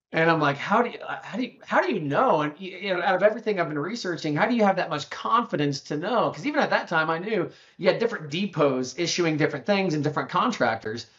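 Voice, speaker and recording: A man talks as a podcast guest in a casual, rambling flow full of restarts and asides. His voice sits a little high and gets livelier when he quotes other people. The recording sounds dull and lo-fi. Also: a bit bright. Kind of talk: casual interview storytelling.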